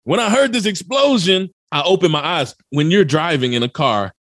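A man's voice: on the high side, animated, moderate pace, fairly bright tone, dry recording, clean studio sound. A man from Memphis, telling a story as a podcast guest with urgent, emphatic energy. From Memphis, USA. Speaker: podcast guest, motivational speaker. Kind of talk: dramatic personal storytelling.

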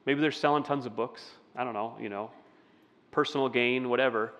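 A man's voice: mid-range voice, steady tone, a little fast, fairly bright tone, dull audio. Conversational man preaching in a reverberant hall. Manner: conversational, asks the audience questions. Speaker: pastor. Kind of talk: interactive sermon.

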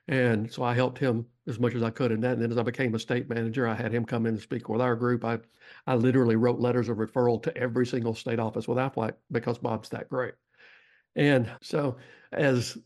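Middle-aged Texan man, mid-pitched, folksy and rambling, podcast guest. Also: a little mellow. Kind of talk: storytelling interview.

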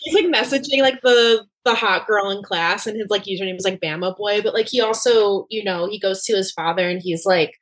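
A woman's voice: mid-range voice, brisk, hardly any pauses. A woman chatting as a podcast guest, talking freely with lots of fillers and restarts. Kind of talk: casual chat.

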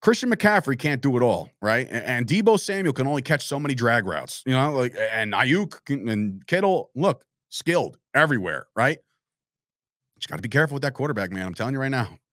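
An opinionated man hosts a live sports talk show, riffing and swearing as he goes. His pitch swings widely from line to line. The sound is close and dry, with no room echo. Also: big pitch swings, brisk, fairly bright tone. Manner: opinionated, rambling, swears, reacts to live chat. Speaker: podcast host.

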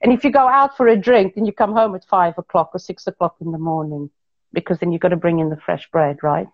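A woman from Portugal telling her life story in a casual, animated way, often correcting herself mid-sentence and throwing asides to the listeners. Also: lowish voice, fast talker, highs cut off.

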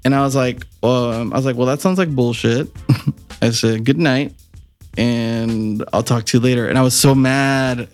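A man co-hosts a casual podcast and tells his stories with lively swings of pitch, plenty of swearing and frequent laughter. His delivery is chatty and animated, and faint music sits behind him. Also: normal speed. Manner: animated, profane, laughing storyteller. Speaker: podcast co-host. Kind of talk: casual chat, storytelling.

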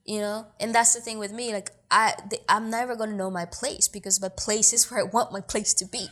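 A woman's voice: medium pitch, flat delivery, brisk, a bit bright. A young woman, talking bluntly and emphatically as an interview guest. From New York City. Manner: blunt, emphatic and streetwise, with repeated "you feel me". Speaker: guest, actor and producer. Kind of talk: casual interview talk.

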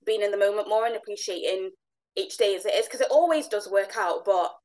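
A woman's voice: mid-range voice, brisk, rough recording. A woman hosting a podcast, chatting casually and agreeing often as she draws out her guest. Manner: warm interviewer, frequent brief agreement. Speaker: podcast host. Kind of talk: casual chat.

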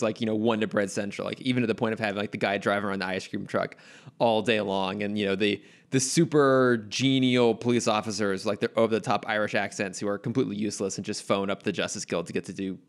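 A man chatting casually as a podcast co-host, rambling with lots of fillers and laughing often. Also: fairly low pitch. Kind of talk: casual chat about a cartoon episode.

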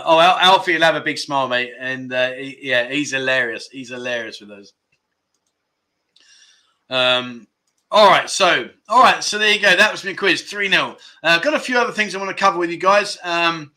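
A man's voice: on the high side, sharp tone. A middle-aged man hosting a casual livestream, chatting loosely, laughing often and reading out viewer comments. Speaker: livestream host.

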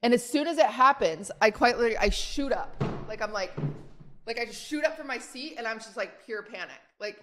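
A young woman co-hosting a podcast, telling a story in a rambling, animated way full of "like". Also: on the high side, fairly quick, background noise. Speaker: podcast co-host. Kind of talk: casual chat storytelling.

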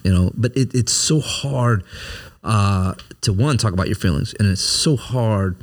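A man in his late thirties with a lowish voice speaks openly and unguardedly in casual conversation. He gropes for words, restarting and circling back as he opens up. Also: expressive, moderate pace. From immigrant family, came to America as a child. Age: 30s. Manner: open, searching, many restarts and fillers. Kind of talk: candid conversation.

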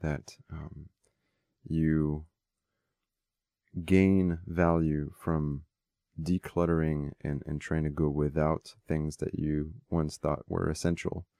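A man with a deep, mellow voice talks as a podcast guest. He lays out ideas in a thoughtful, measured way. The recording is close and dry. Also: little pitch movement, vocal fry, no echo. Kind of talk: casual conversation.

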